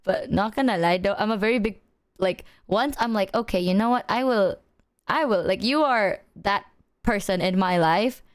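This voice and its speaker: A woman's voice: medium pitch, normal speed, smooth. A woman streamer co-host in casual chat, earnest and reassuring. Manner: earnest, reassuring, laughs between lines.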